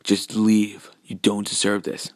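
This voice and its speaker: A man's voice: on the low side, completely flat delivery, measured pace, no room sound, studio quality, natural voice. A man voicing a scornful teenage boy rival. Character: hot-headed teenage boy rival, hostile.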